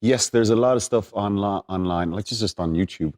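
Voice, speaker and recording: In a fairly low, slightly mellow voice at a brisk pace, a man in his forties from Ireland talks casually with another actor. His delivery is hesitant, with frequent repeated words.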